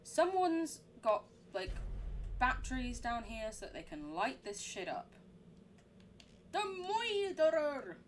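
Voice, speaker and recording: A woman's voice: on the high side, big pitch swings, unhurried, slight background noise. A young woman streaming a horror game, chatting in a giggly, rambling way. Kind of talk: live game commentary.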